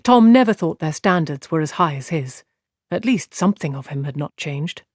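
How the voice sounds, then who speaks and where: A man narrating a fantasy audiobook in an even, measured way. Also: a little high, no echo, clean studio sound.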